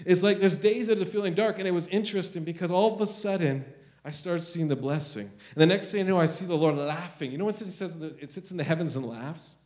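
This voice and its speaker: A middle-aged man preaching a sermon, intense and earnest, moving between quiet confessions and loud declarations. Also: sits high, fast. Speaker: pastor.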